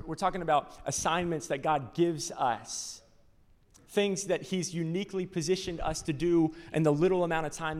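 A male pastor preaching a sermon, animated, acting out little scenes and quotes. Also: on the high side. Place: large church auditorium. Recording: long reverb of a large church.

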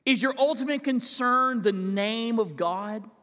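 A man preaching a sermon as pastor, impassioned, swinging from loud pleading to hushed asides. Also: very high-pitched, measured pace, big-room sound. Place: large church sanctuary.

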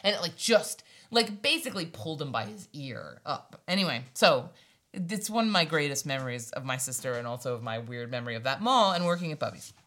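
Lively laughing woman with a bright tone. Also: sits low, brisk. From Hawaii. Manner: animated, laughs often and acts out the people in her story. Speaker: storytelling guest. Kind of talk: casual spoken storytelling.

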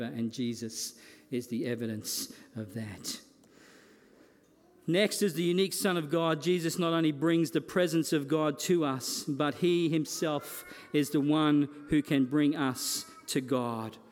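A man's voice: fairly high pitch, unhurried, a little mellow. A man preaching a sermon as a pastor, earnest and building his points through repeated phrases. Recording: long reverb of a large hall.

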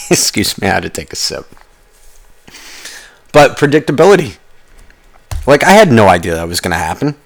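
Man, young adult, lowish pitch, casual rant, profane, rambling. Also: moderate pace, creaky, long pauses. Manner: profane, rambling, animated storytelling. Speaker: podcast host. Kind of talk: casual ranting monologue.

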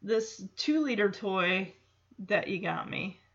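A woman's voice: mid-range voice, lively intonation, takes it slowly. A woman voicing a playful, lonely young orca that speaks in simple, plaintive lines, in a lo-fi recording.

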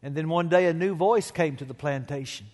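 A man preaching a sermon as pastor, slow and emphatic, swelling to loud climaxes. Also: fairly high pitch. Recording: long reverb of a large hall.

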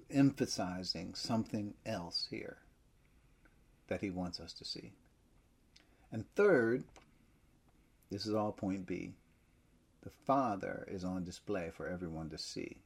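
A man preaching a sermon, emphatic, with loud stresses that drop to near-whispers. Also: on the low side, slow pace, pauses often, slightly rough.

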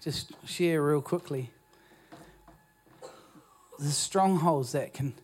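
A man's voice: a little high, slow pace. A man with a New Zealand accent preaching a sermon as pastor in a church, in a conversational, self-deprecating way with frequent restarts. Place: church auditorium.

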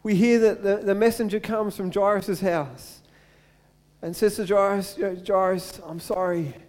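A young adult man preaching a sermon as pastor, earnest, swinging between loud urgent build-ups and slow, soft appeals. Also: high-pitched, fairly even intonation.

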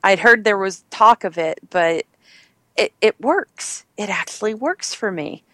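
A woman's voice: medium pitch, expressive, measured pace, fairly bright tone, no echo. A woman hosting a casual entertainment news chat, enthusiastic and rambling, with frequent fillers. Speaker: host.

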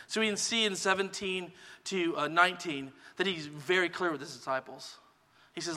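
A man preaching a sermon as pastor, in a relaxed conversational teaching manner. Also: high-pitched, normal speed, in a large hall. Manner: relaxed conversational teaching, many "kind of" hedges.

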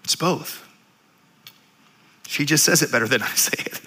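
Man, pastor, sermon, animated storytelling, fairly high voice, long hall reverb. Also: measured pace, slightly rough. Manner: animated storytelling, jokey asides.

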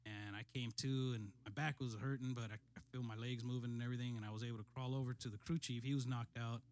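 A middle-aged man and military veteran telling a story in casual conversation, steady and matter-of-fact, often clearing his throat. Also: medium pitch, fast.

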